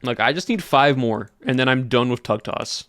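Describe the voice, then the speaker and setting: Young male streamer, casual rambling chat, smooth clear voice, dry close sound. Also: medium pitch, normal speed, fairly bright tone, no room sound. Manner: chatty, rambling, talks to chat. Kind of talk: casual livestream chat while gaming.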